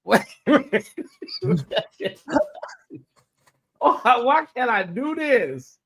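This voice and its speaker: A man chatting as a guest on a live stream, giggly and animated, often breaking into laughter. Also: extremely high pitch, very slow, slightly rough. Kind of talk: casual live-stream chat.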